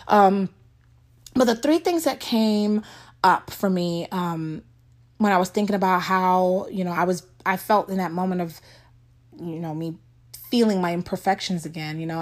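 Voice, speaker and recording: A woman giving a casual devotional talk to her viewers, earnest and heartfelt, speaking emotionally and haltingly. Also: mid-range voice.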